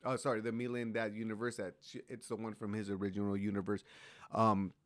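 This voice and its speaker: A man's voice: lowish voice, level tone, quick pace, no room sound, studio quality. A man giving a casual, rambling recap of a TV episode, with many fillers and restarts. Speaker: show recap host.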